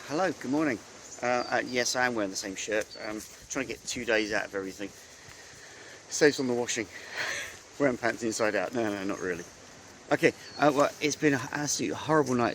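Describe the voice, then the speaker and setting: A man's voice: on the low side, fairly bright tone, a little hiss or hum. A man on a motorcycle trip chatting casually by phone from a campsite, rambling with lots of ums and uhs. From England. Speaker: motorcycle traveller on a video call. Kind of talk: casual chat. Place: outdoors under a tree at a campsite. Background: faint rural outdoor sounds, insects.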